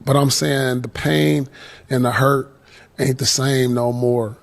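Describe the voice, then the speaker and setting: A man's voice: medium pitch, level tone, slow pace, creaky. A middle-aged man, a guest, talking in a laid-back, rambling casual chat. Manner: laid-back, rambling, repeats "you know what I'm saying". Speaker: guest, former player.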